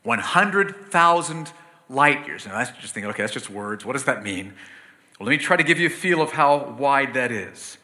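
A man with a bright, ringing voice delivers a sermon. He teaches earnestly, slowing to stress key words and rising into emphatic bursts as he makes his points. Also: mid-range voice. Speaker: preacher.

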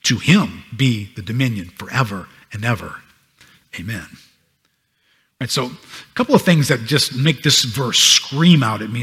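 A man delivers a sermon as a pastor, his voice slightly husky at a middle pitch. He punches key phrases loudly, then eases into quieter, conversational asides. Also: long reverb tail. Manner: emphatic preaching, swings between loud stresses and quiet asides.

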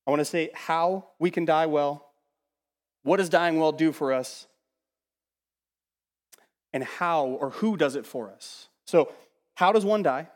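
A man preaching a sermon in an animated, emphatic way, repeating words as he builds a point and dropping to quiet asides. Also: on the high side, takes it slowly, long pauses, in a large hall. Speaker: pastor.

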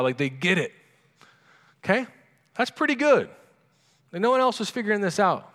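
A man's voice: high voice, big pitch swings, moderate pace, a bit bright. Man preaching a sermon in a reverberant hall. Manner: conversational, asks the congregation questions. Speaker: pastor.

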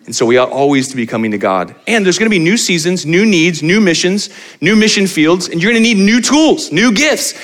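A man in his forties, a pastor delivering a sermon, animated and often putting rhetorical questions to the congregation. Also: brisk. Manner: animated, pitch rising for emphasis, asks the crowd rhetorical questions.

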